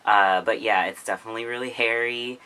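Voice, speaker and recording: Vlogger, male, low register with a sharp bright edge, rambling filler-heavy casual talk. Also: steady tone, fairly quick, smooth. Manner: rambling, full of "like" and "um". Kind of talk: casual chat.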